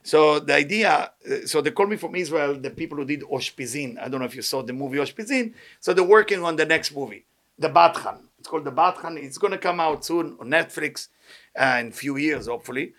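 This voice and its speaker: A man with a non-native English accent gives a Torah lesson at a brisk clip. His voice sits a little high, and his sentences tumble out quickly. He is fervent, full of rhetorical questions, and rattles off Hebrew text readings. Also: animated, fairly bright tone. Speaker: rabbi teaching a weekly lesson.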